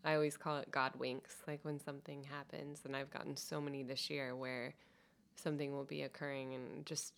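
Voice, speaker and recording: A woman's voice: very deep voice, level tone, fairly quick, vocal fry. A woman who is a guest on a podcast, chatting casually and affirming the host. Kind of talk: casual chat.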